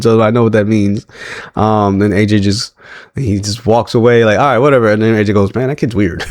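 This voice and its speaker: Rambling man with a low voice, chuckling as he recaps. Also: no echo. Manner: rambling, frequent fillers and self-corrections, chuckles while retelling. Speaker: wrestling recap vlogger. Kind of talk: casual spoken recap.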